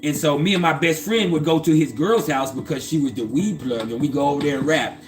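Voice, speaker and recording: A man's voice: a little high, a little fast, faint music behind. Streetwise man telling a profane story. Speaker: astrology channel host. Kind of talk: casual personal storytelling.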